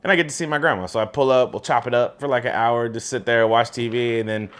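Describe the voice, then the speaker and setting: A young man with a mid-range voice chatting loosely on a podcast. He jokes and swears in an easy, unhurried way. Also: mid-range voice, fairly even intonation, fairly bright tone. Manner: laid-back, profane, joking. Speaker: podcast co-host. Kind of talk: casual chat.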